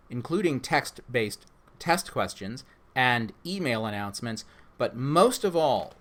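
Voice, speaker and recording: A man, the instructor, reading a scripted orientation for his online course in a measured, instructive way. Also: mid-range voice, fairly bright tone.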